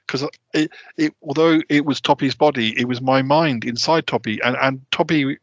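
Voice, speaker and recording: A man's voice: mid-range voice, no room sound. Casting: man, podcast host, rambling stop-start delivery, dry muffled sound. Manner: rambling, halting, full of restarts and ums. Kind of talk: comedic audio-drama banter.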